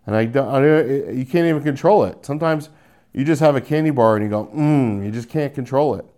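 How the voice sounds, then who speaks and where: A man's voice: mid-range voice, mellow. A man preaching a sermon, addressing believers directly and acting out the voices of the people he describes. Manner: acts out quoted voices, drawn-out "mm" sounds.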